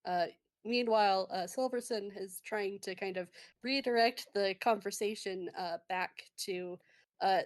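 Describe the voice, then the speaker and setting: A woman's voice: mid-range voice, unhurried. A woman describing her character's actions in a tabletop role-play, with many fillers and restarts. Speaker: player.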